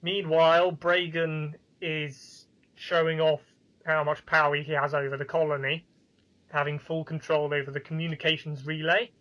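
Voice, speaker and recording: A man's voice: on the high side, level tone, moderate pace, a bit bright, muffled recording. A man co-hosting a review podcast, recapping the plot with enthusiasm in casual chat. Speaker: podcast co-host.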